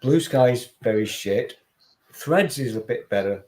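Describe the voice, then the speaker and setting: A man's voice: mid-range voice, animated, a little slow, darkish tone. A man joining a casual online chat, jokey and playfully boastful.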